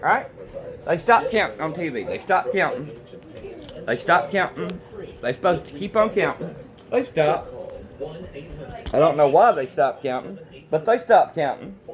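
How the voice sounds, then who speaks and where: A father ranting to the camera at home in a casual, repetitive, animated way. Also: a little high. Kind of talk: casual political rant.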